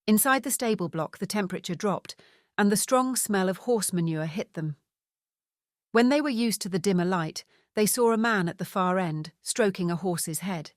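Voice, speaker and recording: A woman narrates a mystery audiobook with a calm, steady delivery. Her voice sits low, and the recording is dry and close. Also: dry recording. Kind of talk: scripted narration.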